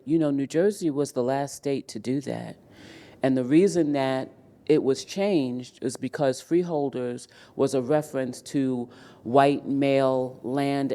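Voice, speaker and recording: A man with a medium-pitched, dark-toned voice serves as panel moderator and emcee at a live leadership summit in an event hall. His live event speech is emphatic, and he often repeats words as he restarts.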